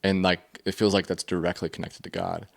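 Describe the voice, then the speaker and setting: A man's voice: low-pitched, big pitch swings, brisk, gravelly. A man giving a casual faith-based teaching on feelings, telling stories in a loose, conversational way with plenty of fillers. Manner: conversational, storytelling with many fillers.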